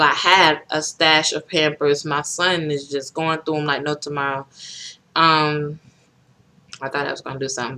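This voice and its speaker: A young woman chats to her viewers, telling a personal story in a loose, conversational way. Her voice sits fairly low for a woman but has a bright, forceful edge to it. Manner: chatty storytelling with rising pitch in quoted speech. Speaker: vlogger. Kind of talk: casual chat to camera.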